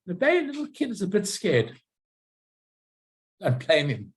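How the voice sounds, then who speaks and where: A presenter giving an informal illustrated talk on old stamps and postcards, pausing often, restarting phrases and correcting themselves. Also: mid-range voice, huge pitch swings, poor audio. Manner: halting, many restarts and self-corrections.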